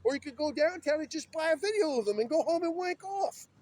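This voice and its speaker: A man's voice: extremely high pitch, lively intonation, fast talker, darkish tone, dry recording. A man talking in an agitated, urgent and rambling way while filming himself on his phone outdoors beside a busy road. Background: passing vehicles.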